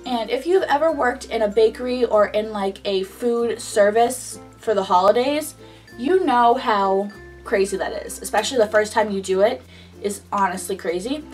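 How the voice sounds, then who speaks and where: A young adult woman vlogger animatedly retells a personal story in a casual, chatty style, saying "like" often. Her voice is a little high and at normal speed, the mic is distant, and faint music plays behind.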